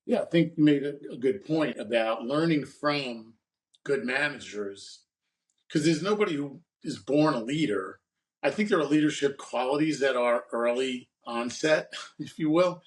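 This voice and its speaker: A man's voice: mid-range voice, animated, normal speed, distant mic, poor audio. A man co-hosting a podcast, telling rambling stories about his career in a casual chat. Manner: rambling anecdotal storyteller. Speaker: podcast co-host.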